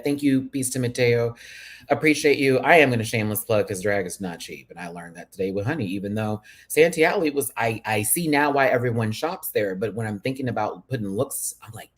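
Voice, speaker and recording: A man hosting a casual livestream chat as a drag performer, sassy and chatty, with sudden high-pitched exclamations. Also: expressive, a little fast. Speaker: YouTube host and drag performer.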